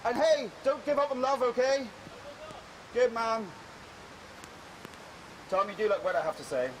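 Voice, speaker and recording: Cheeky high-voiced Northern Irish man. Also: unhurried, a little hiss or hum, low-quality recording. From Northern Ireland. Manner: cheeky, teasing, joking. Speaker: public art participant addressing a crowd. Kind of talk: live banter with a crowd. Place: outdoors in a large public square.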